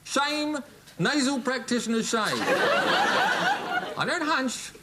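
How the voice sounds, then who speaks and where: An Australian actor playing a pompous, self-righteous middle-aged TV current-affairs host in a comedy sketch, ranting and repeating himself indignantly. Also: male voice, extremely high pitch, lively intonation, slow pace, very noisy, full character voice. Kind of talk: sketch comedy parody monologue.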